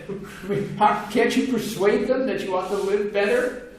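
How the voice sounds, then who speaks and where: A man's voice: high-pitched, unhurried. An older man giving a discursive seminar talk on philosophy, with frequent restarts and fillers, now and then acting out quoted voices. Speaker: philosophy lecturer. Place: seminar room. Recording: very echoey room, distant mic, faint hiss.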